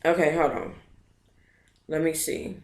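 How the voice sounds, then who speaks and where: A woman hosting an online book club, chatting casually and breaking into dramatic, excitable outbursts while talking to herself. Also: sits low, measured pace. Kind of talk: casual livestream chat.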